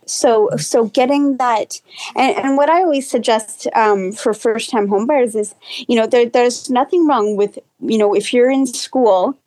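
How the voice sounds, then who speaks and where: A woman's voice: fairly high pitch, unhurried, a little mellow, rough recording. A woman real estate agent, a podcast guest, giving earnest advice to homebuyers in casual chat, with many "you know" restarts.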